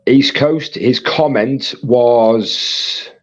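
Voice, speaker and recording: A man with a husky voice, casually reading viewer comments aloud as co-host of a live stream. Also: medium pitch, very slow, lo-fi sound.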